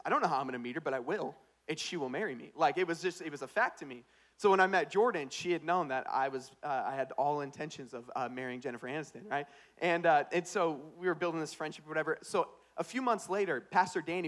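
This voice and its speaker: A young man preaching a sermon as pastor, telling a comic story with put-on voices and swinging between hushed asides and loud punchlines. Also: fairly high pitch, quick pace.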